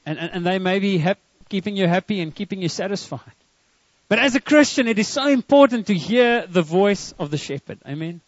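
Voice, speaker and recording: High-voiced earnest male preacher. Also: expressive, fairly quick, dry recording, lo-fi sound. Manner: earnest, repeats words when starting lines. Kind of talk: sermon. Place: church service.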